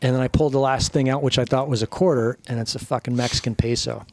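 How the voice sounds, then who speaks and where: A man's voice: medium pitch, steady tone, fast, darkish tone, dry recording. A man spins long, profane stories as a podcast guest. His voice sits in a middle range, and he jumps into the voices of the people he quotes. The sound is dry and close. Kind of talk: storytelling.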